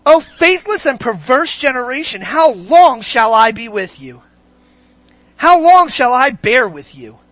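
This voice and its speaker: A preacher reading the lines of an exasperated grown man who rebukes a crowd, loud and drawn-out. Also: mid-range voice, big pitch swings, slightly rough, no echo, exaggerated voice.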